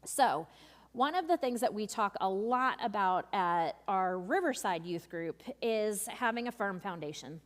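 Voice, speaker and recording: A woman's voice: mid-range voice, lively intonation, a little slow. Chatty youth leader woman in a reverberant hall. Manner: chatty, frequent ums and asides. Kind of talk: workshop talk with personal stories. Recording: long reverb of a large room.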